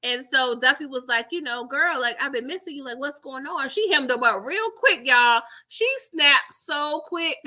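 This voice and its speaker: A woman hosting a casual TV recap livestream, with a bright, sharp tone. Her pitch swings widely as she slips into quick impressions of the characters. She talks in an animated, dramatic way, full of slang and exclamations. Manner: mimics characters' lines in quick voices. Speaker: recap channel host.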